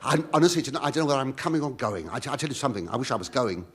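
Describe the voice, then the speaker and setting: A man's voice: medium pitch, animated, rapid-fire. A man hosting a live radio comedy show on a theatre stage, out of breath, flustered and camp, pleading with the audience. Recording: 1970s radio broadcast, loud audience laughter.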